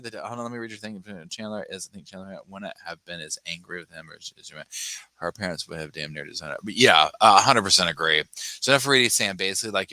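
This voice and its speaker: A man hosting a true crime livestream, chatting casually, reading viewer comments aloud and acting out the people he talks about in exaggerated voices. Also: sits low. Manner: animated, sassy, mimics people in exaggerated voices; reads viewer chat aloud and thanks supporters.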